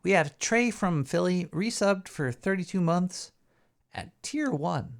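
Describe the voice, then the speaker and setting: A man hosting a live show, rambling and joking as he thinks out loud. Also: high voice, lively intonation, a little slow, creaky. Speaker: show host. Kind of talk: casual live show banter.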